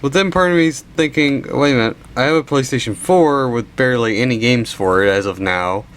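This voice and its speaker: The host of a collection video, a young man who is clearly sleepy, casually rambles through his games with restarts and stifled yawns as he films this show-and-tell. His medium-pitched voice is brisk and fairly bright, with a little hiss or hum in the audio.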